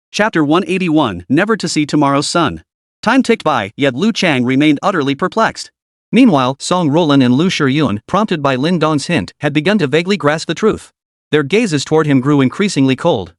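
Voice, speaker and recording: A man's voice: fairly high pitch, dry recording, clean studio sound. A man narrating a comic story recap in a dramatic storytelling manner.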